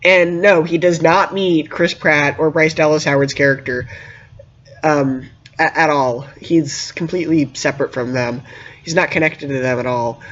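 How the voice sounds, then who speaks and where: A man's voice: fairly high pitch, normal speed, muffled recording. Chatty, emphatic man reviewing a film. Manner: animated and emphatic, with many fillers. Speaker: movie reviewer. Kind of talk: casual spoken movie review.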